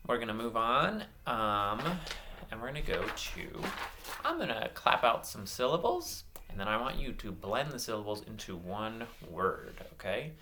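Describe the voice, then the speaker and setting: A man teaching a phonics lesson to young children, saying words slowly and praising each answer. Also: on the low side, very animated, a little hiss or hum. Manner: slow, drawn-out words with bright praise.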